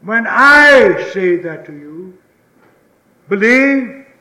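A man preaching a sermon with emphatic repetition, moving between pleading outbursts and hushed, solemn passages. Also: high-pitched, slow, echoey room, poor audio. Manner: emphatic, repetitive preaching with rising pleas and sudden hushed drops. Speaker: pastor.

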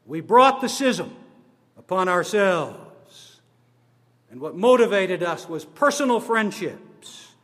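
A man giving a formal address on church history, slow and deliberate, stressing his words one by one. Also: high-pitched, big pitch swings, a bit bright. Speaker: church speaker on denominational history. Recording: long reverb of a large hall.

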